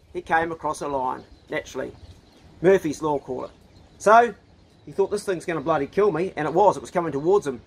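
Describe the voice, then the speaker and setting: A middle-aged man with a New Zealand accent, telling jokes and chatting casually in an outdoor vlog as he works on a house truck. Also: sits high. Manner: folksy storyteller, drops into put-on voices for joke characters. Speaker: vlogger.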